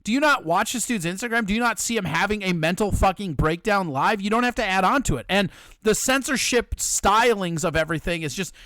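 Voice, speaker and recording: A man's voice: sits high, animated, fairly quick, pushed and bright, no room sound. A man co-hosting a casual chat, blunt and opinionated and swearing freely.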